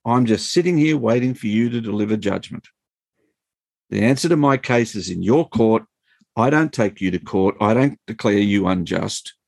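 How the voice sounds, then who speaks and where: A humbled ancient man pleads before his God, earnest and contrite, in a man's retelling. The voice sits a little low and is recorded dry and close. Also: lively intonation, moderate pace, vocal fry, a little mellow, no echo. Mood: humble.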